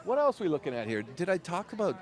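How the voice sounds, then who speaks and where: A man's voice: a little high, very animated, fast. Chatty man raving about park food. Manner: enthusiastic, rambling food descriptions. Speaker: food and beverage staff. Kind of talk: casual interview. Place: outdoors at a theme park.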